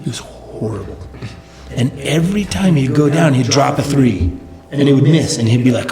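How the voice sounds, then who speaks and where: A man's voice: medium pitch, normal speed, roomy sound, a crowd in the background. A man, a company founder, telling stories as a guest in a casual interview, his voice climbing as the stories build. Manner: animated storyteller, voice rises as stories build. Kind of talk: storytelling interview chat.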